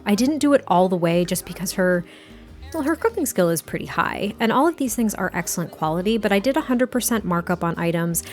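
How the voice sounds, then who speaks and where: A woman giving casual gameplay commentary as a YouTuber, chatty, giddy and quick to laugh. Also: medium pitch, darkish tone.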